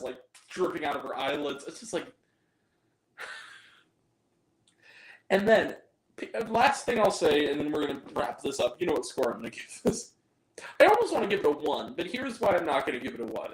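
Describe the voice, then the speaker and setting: A man casually reviewing a movie in a blunt, rambling, profane way. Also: a little high. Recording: roomy echo.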